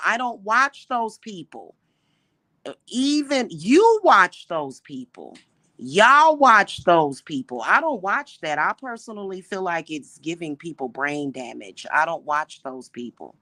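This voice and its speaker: A woman hosting a livestream, ranting indignantly at her viewers with exasperated rhetorical questions and slow, emphatic repetition. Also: on the low side, very animated, bright, forceful tone, dry recording. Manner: repeats points slowly and emphatically. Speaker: livestream host.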